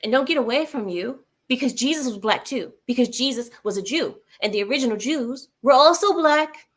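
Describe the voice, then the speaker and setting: A woman's voice: sits high, lively intonation, a little fast, slightly rough. A woman hosting a livestream, reading viewer comments aloud and answering them in a sarcastic, laughing way. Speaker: livestream host reading chat.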